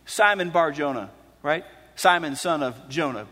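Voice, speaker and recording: High-voiced preacher in a reverberant hall. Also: male voice, expressive, moderate pace. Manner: earnest preaching, swings from hushed low phrases to raised emphatic declarations. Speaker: pastor. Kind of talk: sermon.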